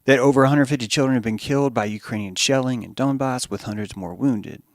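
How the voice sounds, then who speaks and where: A man's voice: mid-range voice, fast talker, dry recording, studio quality. A man hosting a podcast, delivering a rambling, profane monologue commentary. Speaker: podcast host.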